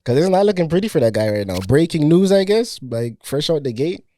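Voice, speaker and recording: A man hosting a podcast in casual chat, loose and joking and quick to laugh. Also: on the high side, very animated, mellow. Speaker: podcast host.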